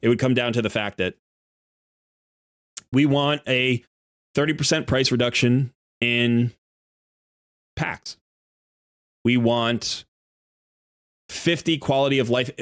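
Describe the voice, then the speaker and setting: A man's voice: mid-range voice, slow pace, long pauses, a bit bright, no echo, studio quality. A male game streamer in a live stream, making an argumentative case with worked examples.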